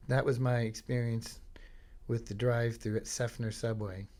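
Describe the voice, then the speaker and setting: A man's voice: medium pitch, level tone, normal speed, darkish tone. A man from Florida hosting a podcast, telling rambling, jokey stories in a casual comedic monologue. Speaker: podcast host.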